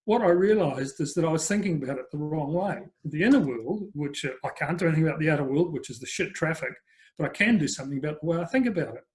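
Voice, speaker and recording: An older man from New Zealand, a business coach, talks fast in a relaxed interview. His voice is a touch higher than the average man's, and he tells stories in a rambling, chatty manner with frequent fillers.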